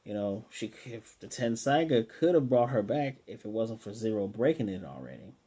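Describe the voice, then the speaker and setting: A man with a mellow, slightly husky voice runs through an anime episode in a loose, conversational way. He paraphrases the characters' lines and stumbles over restarts as he goes. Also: fairly low pitch, animated, moderate pace. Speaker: anime reviewer. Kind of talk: casual episode recap.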